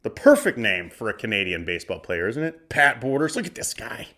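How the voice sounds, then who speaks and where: A man's voice: lowish voice, big pitch swings, brisk, a bit bright. A man in his forties from Arizona hosting a podcast, riffing through a box of cards in a joking, profane, casual way. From Arizona, USA. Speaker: podcast host. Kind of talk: casual comedic card-opening commentary.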